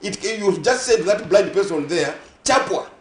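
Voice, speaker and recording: Lively in intonation and high-pitched, a man with a Zambian accent speaks at a moderate pace as a guest on a morning TV talk show. He makes his case passionately, stringing synonyms together and asking if listeners follow him, in a reverberant studio.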